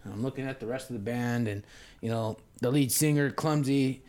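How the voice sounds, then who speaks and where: A man's voice: medium pitch, brisk, darkish tone. A man telling a rambling, profane story in a casual podcast chat, as a guest who once played in a band. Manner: profane, rambling, laid-back.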